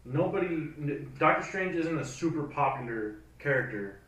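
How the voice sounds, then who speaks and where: A man's voice: on the high side, lively intonation, moderate pace, a bit bright. A man guest in a casual panel chat, hesitant and full of fillers. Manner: hesitant, many fillers and restarts. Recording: echoey room, distant mic.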